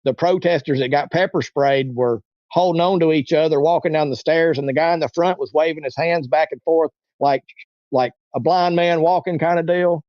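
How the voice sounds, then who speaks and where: A man's voice: fairly high pitch, moderate pace, no echo, muffled recording. A man in his forties, a guest telling a long story in a casual, rambling way and now and then acting out the voices of people in it. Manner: rambling, acts out quoted voices. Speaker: interview guest.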